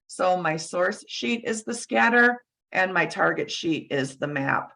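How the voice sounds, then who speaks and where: A woman walks through a software demo on a shared screen, her tone bright and forward. She is losing her voice and speaks haltingly, with frequent fillers and restarts. Her sound is picked up over a video call. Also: on the low side, expressive, gravelly, rough recording. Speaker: user group presenter.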